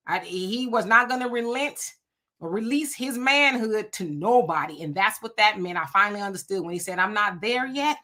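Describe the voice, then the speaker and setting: A woman hosting a casual livestream, reading out viewer comments and telling animated stories. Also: mid-range voice, normal speed. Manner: animated storytelling with frequent laughs. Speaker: livestream host.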